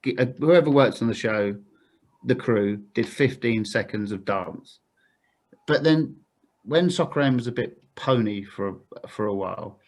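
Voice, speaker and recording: A man's voice: medium pitch, unhurried. A man, a podcast guest, telling anecdotes in a laddish, chatty way full of fillers. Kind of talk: casual storytelling.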